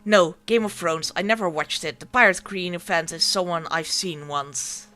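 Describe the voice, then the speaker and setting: An excitable woman chatting through a strategy game, her voice bright and forceful. She breaks into loud cheers at times. Soft game music plays quietly behind her. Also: on the low side, normal speed. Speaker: gaming video creator. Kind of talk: let's play commentary.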